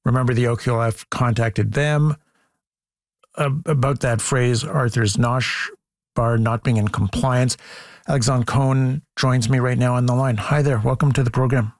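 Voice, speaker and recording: A man hosting a call-in radio show, brisk and measured as he reads phone numbers and takes calls. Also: medium pitch, fairly even intonation, no room sound, studio quality. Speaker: radio talk show host. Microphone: studio mic.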